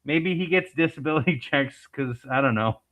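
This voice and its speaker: A man's voice: a little high, lively intonation, normal speed, over a noisy crowd. A married man co-hosting a casual movie chat, laid-back and joking. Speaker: podcast co-host. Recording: dull lo-fi sound.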